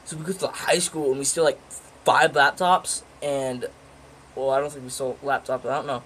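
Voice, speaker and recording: A man's voice: mid-range voice, fairly even intonation, fairly quick, a bit bright, a little hiss or hum, low-quality recording. A teenage guy casually telling a story in a rambling, profane way, full of fillers and restarts. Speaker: vlogger.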